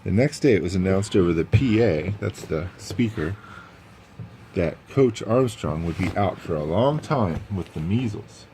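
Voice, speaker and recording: Low-voiced man reading a picture book aloud. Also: animated, measured pace, mellow, a little hiss or hum. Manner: chatty asides about the pictures. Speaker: read-aloud storyteller.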